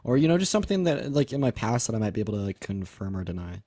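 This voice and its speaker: A man's voice: fairly low pitch, very animated, racing, dark tone, no room sound, studio quality. A man hosting a casual live call-in stream, laughing often, swearing and repeating his phrases. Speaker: host. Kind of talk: casual livestream chat with callers.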